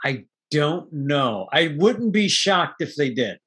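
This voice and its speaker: A man chatting casually as a podcast co-host, animated, acting out lines from a film and laughing often. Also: fairly high pitch, takes it slowly, breathy edge. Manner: animated storyteller, acts out movie quotes, laughs often. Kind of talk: casual chat.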